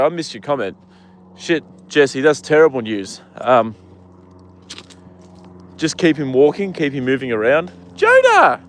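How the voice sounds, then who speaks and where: A man hosting a casual live stream outdoors by a horse paddock, rambling and answering viewer comments, with the odd swear word. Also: mid-range voice.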